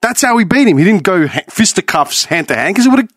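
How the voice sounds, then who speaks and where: Male co-host, husky, lively up-and-down delivery, dry close sound. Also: sits high, quick pace, dry recording. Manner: animated, jokey, laughs often. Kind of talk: casual chat.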